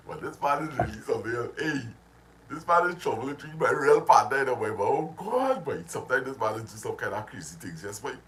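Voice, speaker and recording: A man's voice: mid-range voice, fairly quick, slight background noise. A man hosting a casual motivational live stream. He repeats himself and breaks off to greet his viewers. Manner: animated, repetitive, drifts into greeting viewers.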